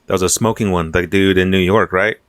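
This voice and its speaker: A man hosting a podcast, asking halting questions and adding short reactions in casual chat. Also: sits low, fairly even intonation, smooth, dry recording. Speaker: podcast host.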